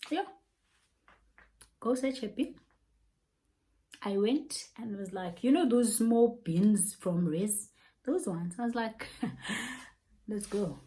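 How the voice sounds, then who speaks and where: Animated South African woman telling a story. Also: medium pitch, rough recording. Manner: animated, laughing, drops local slang. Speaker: YouTuber. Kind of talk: casual storytime.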